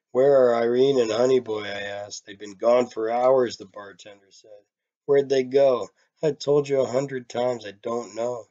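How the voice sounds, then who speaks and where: A man reading a short story aloud, in a plain, low-key way, giving the characters' lines some life. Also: mellow, muffled recording. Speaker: reader.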